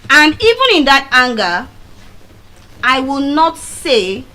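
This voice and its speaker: Animated Nigerian woman giving a speech. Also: high voice, slow pace, a little hiss or hum, poor audio. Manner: animated storytelling, repeats key phrases for emphasis. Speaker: motivational speaker. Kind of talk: public speech.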